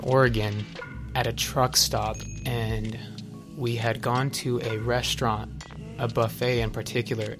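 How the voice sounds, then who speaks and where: A young man earnestly telling his own recovery story in a candid, confessional way, with many fillers and restarts. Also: mid-range voice. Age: young adult. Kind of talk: candid personal testimony.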